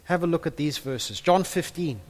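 A man preaching a sermon, earnest, building to loud impassioned peaks and repeating his words as he goes. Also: a little high, expressive, normal speed. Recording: echoey hall with long reverb.

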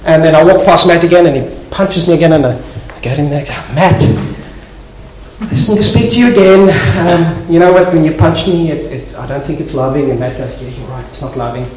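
Aussie guy preaching a sermon, a bit high-pitched, acts out little scenes, echoey church hall. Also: fairly quick. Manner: animated storyteller acting out little scenes, with some restarts. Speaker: pastor. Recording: echoey hall, faint noise.

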